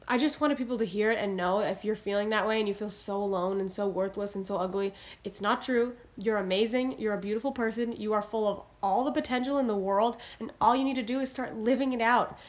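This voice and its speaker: A young woman talking earnestly to her camera in a vlog, encouraging and a little rambling. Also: a little high. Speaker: singer-songwriter vlogger. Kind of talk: heartfelt direct-to-camera vlog talk. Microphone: camera mic, talking to camera.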